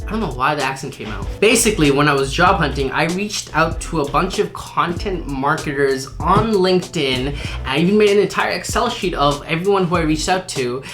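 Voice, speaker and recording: A man's voice: on the high side, animated, fairly quick, fairly bright tone, faint music behind. A young man chatting casually in a vlog about his career, upbeat and a bit boastful, laughing often. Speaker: marketing vlogger.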